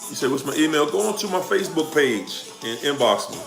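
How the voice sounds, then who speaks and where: This DC-accented livestream host has a slightly high, gravelly voice that moves briskly in a sing-song way. He calls out viewers by where they're watching from and builds up drawn-out hype, with music and a roomy echo behind him.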